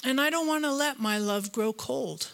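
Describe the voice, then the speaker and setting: Bright-voiced woman preaching a chatty sermon. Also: normal speed, vocal fry. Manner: chatty storytelling with humor and asides; animated, voice jumps higher when retelling conflict. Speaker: pastor.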